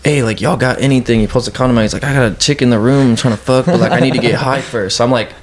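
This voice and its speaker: A man casually telling a story as a guest, swearing and acting out what people said. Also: mid-range voice. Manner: fast, animated, swearing, acts out quotes. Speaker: guest urban explorer.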